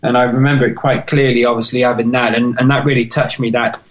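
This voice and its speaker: A British man speaks as a podcast guest, recounting his own story in earnest, halting bursts. His voice sits at an ordinary middle pitch, and the telling stays emotional and sincere throughout. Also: level tone, poor audio. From United Kingdom. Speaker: podcast guest, marathon runner. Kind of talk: personal life story in an interview.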